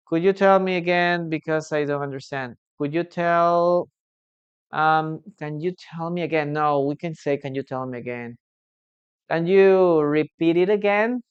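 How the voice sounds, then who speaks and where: An English teacher's clear, resonant, mid-range voice comes through lo-fi audio during a live online lesson. Student sentences are read aloud and patiently corrected, with points often closed by a questioning "no?".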